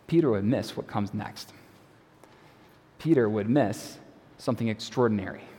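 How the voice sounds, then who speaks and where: A male pastor preaches in a relaxed, conversational way, mixing dry humor with quiet, trailing phrase endings. His voice sits at a middle pitch. Long reverb from a large church sanctuary follows his words. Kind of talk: sermon.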